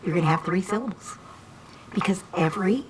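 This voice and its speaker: A woman's voice: lowish voice, brisk, slight background noise, low-quality recording. A woman teaching reading one-on-one to a student, patient and encouraging, asking many questions.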